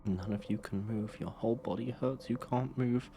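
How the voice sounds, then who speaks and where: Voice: medium pitch, steady tone, normal speed, creaky. A streamer from England, reading a game aloud live and anxiously repeating words in breathless reassurance.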